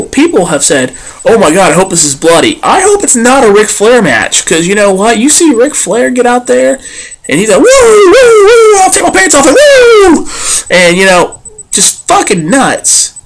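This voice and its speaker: A man ranting bluntly and profanely as a vlogger. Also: a little high. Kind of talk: ranting commentary.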